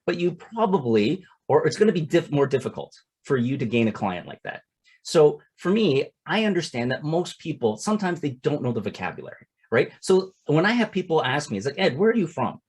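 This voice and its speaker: A man's voice: on the high side, very animated, fairly quick, a little mellow, breathy edge. A man in his forties from Toronto, Canada, giving a casual instructional talk as a capital-raising coach. He talks conversationally and often drops in "it's like" and "right?". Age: 40s.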